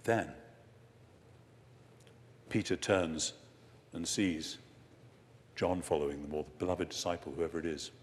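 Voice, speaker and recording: A man's voice: sits low, a little hiss or hum. Older man preaching in an echoing hall. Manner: expressive, slows down for emphasis, swings between soft and loud. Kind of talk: sermon-style lecture to an audience. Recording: long hall reverb.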